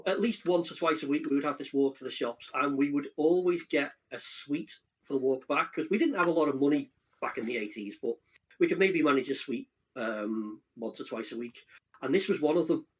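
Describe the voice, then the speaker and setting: A man in his forties, a guest on a stream, relaxed and reminiscing with the odd um. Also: mid-range voice, a little fast, slightly rough. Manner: nostalgic storytelling, relaxed, with ums. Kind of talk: casual reminiscing chat.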